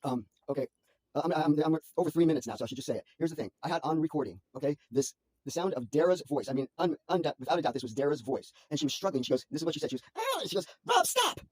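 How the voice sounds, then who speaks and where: A man talking to his mother on a phone call, rambling anxiously with halting restarts and repeated words. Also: fairly high pitch, dark tone, breathy edge. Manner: anxious, frantic storytelling.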